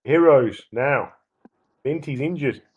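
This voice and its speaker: A man's voice: medium pitch, slow, slightly rough, narrow, tinny audio. A man co-hosting a podcast, chatting casually with short teasing remarks. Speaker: podcast co-host. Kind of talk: casual chat.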